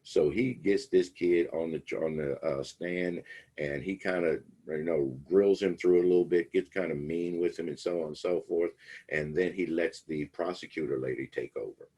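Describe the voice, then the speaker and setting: Man, very low husky voice, casual lecture, rambling storyteller, acts out quotes. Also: normal speed, warm tone. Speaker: instructor. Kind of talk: casual lecture retelling a film plot.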